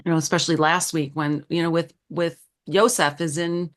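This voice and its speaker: A woman chatting casually, hesitant and repeating herself, with warm praise. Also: sits low, little pitch movement, normal speed. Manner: hesitant, repeats words, effusive. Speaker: participant. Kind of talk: casual chat.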